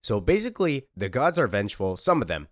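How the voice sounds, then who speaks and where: An excitable man recaps a comic in a casual way, getting emotional about the story. His voice is on the low side. The recording is dry and close, with no room sound. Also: quick pace, no echo. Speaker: comic book reader and youtuber.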